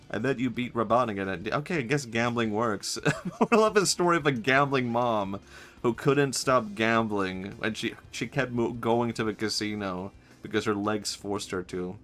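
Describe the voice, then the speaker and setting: A man's voice: mid-range voice, lively intonation, moderate pace, fairly bright tone, faint music behind. A man streaming a video game, joking and laughing often with wry asides as he plays. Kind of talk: casual gaming commentary.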